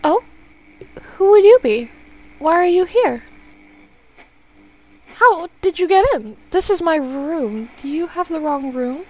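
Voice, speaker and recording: A woman's voice: high-pitched, sing-song, a little slow, pauses often, voice pushed up. A woman voicing a frail, confused elderly mother in a game, fretful and quavering. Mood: panicked. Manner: quavering, fretful, then panicked shrieking.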